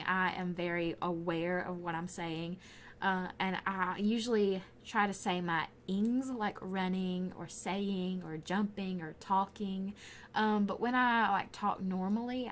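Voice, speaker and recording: Young woman, Southern Alabama accent, chatty rambling YouTuber commentary, with a faint hiss under the voice. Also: medium pitch. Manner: rambling, chatty, often laughing. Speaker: gaming YouTuber. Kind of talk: casual voice-over commentary.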